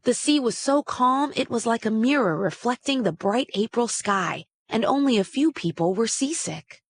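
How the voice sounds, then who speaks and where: A woman reading a children's story aloud in a steady, expressive way. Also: on the high side, normal speed, husky, dry recording. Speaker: storybook reader.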